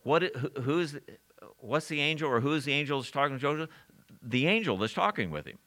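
A man's voice: fairly high pitch, expressive, fast, pushed and bright. A man teaching the Bible verse by verse, talking conversationally and asking his listeners questions as he goes. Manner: conversational, with frequent restarts and audience questions.

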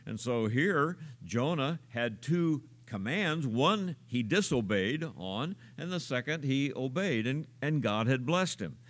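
A man preaching a sermon, unhurried and searching, with frequent filler sounds and rhetorical questions. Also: mid-range voice, expressive, fairly bright tone. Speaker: pastor.

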